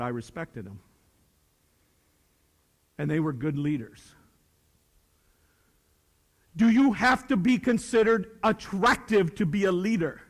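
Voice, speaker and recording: A man's voice: sits high, fairly bright tone. A middle-aged man giving a folksy, joking motivational speech to a hall of students, asking the crowd questions. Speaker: speaker at a student leadership academy. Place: large hall with a student audience. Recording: long hall reverb.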